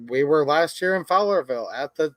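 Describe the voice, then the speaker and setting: A man's voice: a little high, animated, brisk, dry recording. A man hosting a casual livestream, greeting viewers by name in a chatty, upbeat way and calling them man and dude. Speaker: livestream host.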